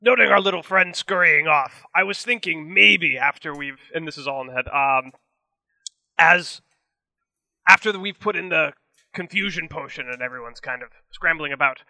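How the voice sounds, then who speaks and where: A man playing a tabletop game, talking casually and plotting in a hushed way. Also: fairly high pitch, normal speed, vocal fry, dry recording. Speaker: player.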